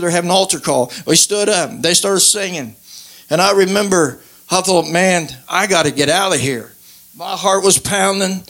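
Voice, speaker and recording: A man's voice: high voice, fairly bright tone. A man telling his church testimony in a fervent, emphatic way, often close to tears. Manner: fervent, emphatic storytelling with repeated exclamations.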